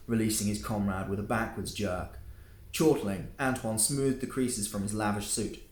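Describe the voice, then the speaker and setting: A man reads his own novella aloud in an unpolished, casual way, stumbling now and then. His voice sits low, and the home recording has a roomy echo. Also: steady tone, measured pace. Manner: casual, with slips and restarts. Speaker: author reading his own book. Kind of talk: audiobook narration.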